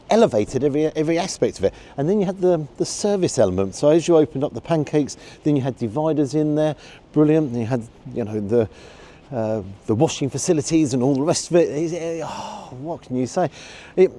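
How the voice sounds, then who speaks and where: A man reviewing a restaurant meal in a casual vlog, talking excitedly and repeating his exclamations. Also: mid-range voice. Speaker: food vlogger. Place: restaurant, then outdoors in the street.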